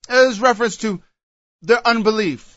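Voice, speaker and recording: High, bright-voiced man preaching verse by verse. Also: normal speed, no room sound. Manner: reads old scripture aloud, then explains it verse by verse. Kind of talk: sermon. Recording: dull lo-fi recording.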